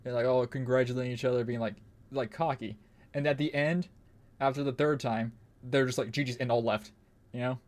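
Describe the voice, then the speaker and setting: A man's voice: mid-range voice, steady tone, a little fast, darkish tone. A young man streaming a game, chatting casually while he plays, rambling and swearing freely. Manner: rambling, profane, laughs often. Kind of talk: casual gaming commentary.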